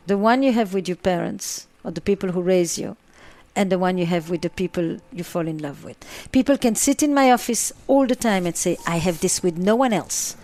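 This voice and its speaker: A woman's voice: medium pitch, a little mellow, no room sound. A woman therapist answering interview questions, stressing points by repeating and listing words. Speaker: relationship therapist.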